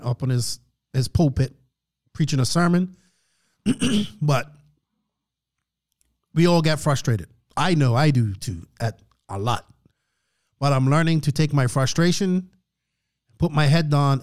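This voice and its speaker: A man hosting a podcast, delivering a casual, preachy motivational rant and clearing his throat often. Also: medium pitch, darkish tone. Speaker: podcast host.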